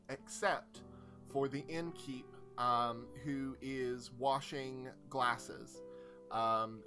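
A man running a tabletop game, narrating the scene in a relaxed, halting way with many fillers. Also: mid-range voice. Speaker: game master.

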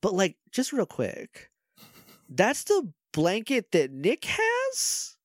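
A man with a fairly high voice co-hosts a casual recap podcast, his pitch leaping about as he acts out lines from the episode. He is recorded on a close mic in a dry room. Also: takes it slowly, no room sound. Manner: animated retelling with quoted voices and laughs. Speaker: podcast co-host.

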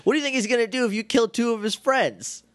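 A man co-hosting a casual podcast, recapping a TV episode with lots of laughter and quick acted-out asides. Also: very high voice, no echo. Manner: excitable, laughs often, acts out lines in quick asides. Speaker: podcast co-host.

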